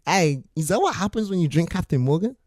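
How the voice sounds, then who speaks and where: A male streamer chatting casually with callers, full of slang and swearing and easily excited. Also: a little high, brisk, no echo, clean studio sound. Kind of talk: casual live-stream chat.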